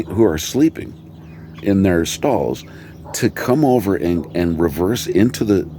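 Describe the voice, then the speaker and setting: A man's voice: low voice, background noise. A man in a casual comedic rant, rambling and swearing freely, with frequent restarts. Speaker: video creator.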